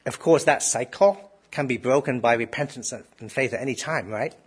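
A man's voice: medium pitch, moderate pace, slightly rough. A man preaching a sermon to a congregation in a conversational way, often asking rhetorical questions. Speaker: pastor.

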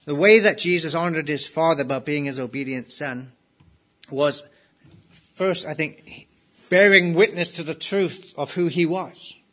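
A man's voice: fairly high pitch, a little slow, fairly bright tone. A man preaching an expository sermon, emphatic, acting out quoted lines with rising intensity. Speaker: pastor.

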